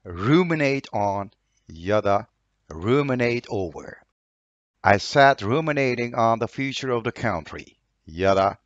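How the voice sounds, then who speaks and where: A man's voice: fairly low pitch, lively intonation, a little slow, dry recording, highs cut off. A man with a Turkish accent teaching English vocabulary, saying each word twice and reading an example sentence. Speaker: language teacher.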